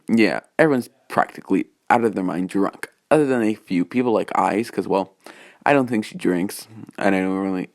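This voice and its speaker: Gravelly low-voiced man rambling through a story. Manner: meandering, full of restarts and filler phrases. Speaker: fan fiction storyteller. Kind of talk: casual rambling story retelling.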